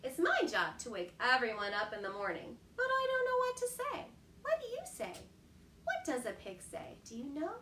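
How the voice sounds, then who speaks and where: A high, pleading little baby rooster from a children's storybook, as a woman puts him on. He is eager and anxious, his voice rising bright and lively. The sound is echoey, with the mic set back in a kitchen. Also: normal speed, far from the mic, a little hiss or hum, full character voice. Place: home kitchen.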